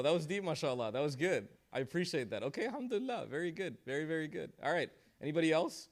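A man's voice: on the high side, lively intonation, brisk, few pauses. A man teaching a class, leading a discussion in a joking, encouraging way and praising answers. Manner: joking, encouraging, uses Islamic phrases.

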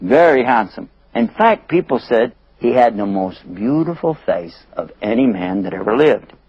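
A man telling a religious story to children in an animated way, doing voices and asking the listeners questions, on a dull lo-fi recording. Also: mid-range voice, moderate pace, breathy edge, no echo. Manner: animated, plays many voices, asks the listeners.

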